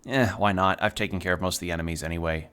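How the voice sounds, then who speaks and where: A deep-voiced man talks loosely as he plays a video game on stream. He drifts from thought to thought in relaxed, chatty asides and swears now and then without much weight behind it. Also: rapid-fire, clear, resonant tone. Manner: rambling, chatty, swears casually. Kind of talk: casual chat while playing a video game.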